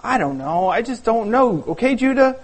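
A man's voice: very high voice, sing-song, moderate pace, full character voice. A man doing a gloomy paralyzed man. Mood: downcast. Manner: soft, sad and hesitant.

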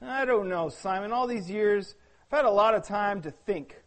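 A man voicing a paralyzed, doubtful man who speaks softly and sadly while reading his own story aloud. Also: very high-pitched, lively intonation, moderate pace. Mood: downcast. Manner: soft, sad and hesitant.

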